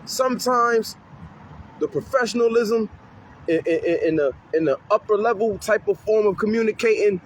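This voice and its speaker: A youth worker talks on a city street corner in a high, animated voice, swearing freely and acting out the kids he works with. Faint traffic hums outdoors behind him. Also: moderate pace, low-quality recording. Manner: animated, profane, acts out kids' voices. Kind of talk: street interview talk.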